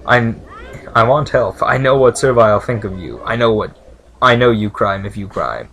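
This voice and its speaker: A man voicing a rough, dirty male servile who speaks in choppy broken grammar. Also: lowish voice, expressive, normal speed, fairly bright tone, slight background noise. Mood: earnest.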